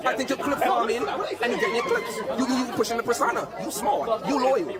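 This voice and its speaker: A man's voice: very high-pitched, steady tone, brisk. A man delivering a preachy, repetitive, mocking rant at a streamer. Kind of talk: lecturing rant. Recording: loud crowd around.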